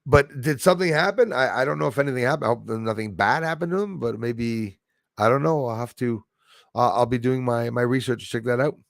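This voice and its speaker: Gravelly man rambling on a live stream. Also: mid-range voice, brisk, no echo, clean studio sound. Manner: rambling, hesitant, many fillers and restarts. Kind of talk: casual live stream chat.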